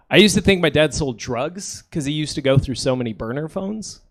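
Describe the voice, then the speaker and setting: A Ukrainian man in his thirties, born in the Soviet Union, performs stand-up on a comedy theater stage, peppering his jokes with apologetic, self-deprecating asides. His medium-pitched voice is expressive and quick, with hardly any pauses.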